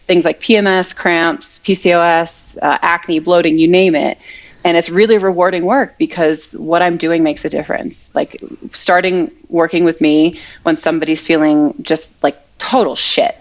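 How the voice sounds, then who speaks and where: A woman's voice: deep voice, vocal fry, dull audio. A young woman guest in a podcast interview, telling her story casually and saying "like" often. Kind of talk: conversational interview.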